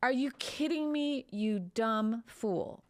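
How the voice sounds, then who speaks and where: A woman's voice: fairly high pitch, takes it slowly, pitched above the performer's own voice. A woman playing an outraged male expert witness. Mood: indignant. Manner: indignant, emphatic, scolding.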